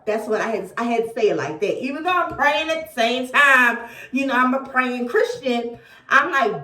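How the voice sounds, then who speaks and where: A woman from Philadelphia telling a storytime vlog in an animated, profane way, acting out quoted dialogue. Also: a little high, normal speed, recorded from a distance. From Philadelphia, USA. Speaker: vlogger. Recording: echoey room, voice a bit off-mic.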